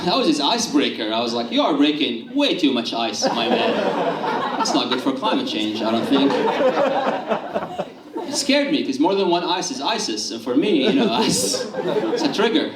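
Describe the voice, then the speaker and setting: A man from Syria doing a stand-up set on a club stage, deadpan and self-mocking, with a handheld mic. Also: medium pitch, normal speed, over a noisy crowd. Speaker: stand-up comedian. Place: comedy club stage with a live audience. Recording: echoey room, heard from a distance. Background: loud audience laughter.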